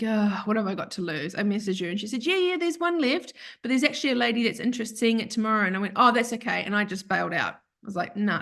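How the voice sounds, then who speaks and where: A woman tells a personal story in a casual, animated way. She talks over a video call as an interview guest, slipping into voices for the people she quotes and laughing between lines. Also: medium pitch.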